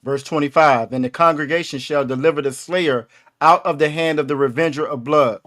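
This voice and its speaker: A man in a scripture class reading Bible verses aloud in a loud, measured, formal way. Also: a little high, fairly even intonation.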